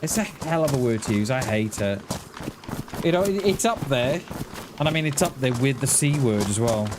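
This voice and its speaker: Chatty gaming streamer, noisy mix. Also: male voice, mid-range voice, lively intonation, moderate pace. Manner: rambling, repeats and restarts words, chatty. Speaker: live game streamer. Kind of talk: casual chat while gaming.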